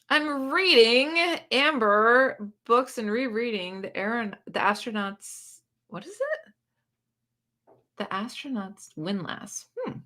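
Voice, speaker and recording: A woman with a bright, forceful voice hosting a relaxed livestream. She chats loosely, laughs a lot and answers viewer comments as they come in. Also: a little high, slow pace, pauses often. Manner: chatty, laughs often, reads viewer comments aloud. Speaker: book channel host. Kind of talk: casual livestream chat.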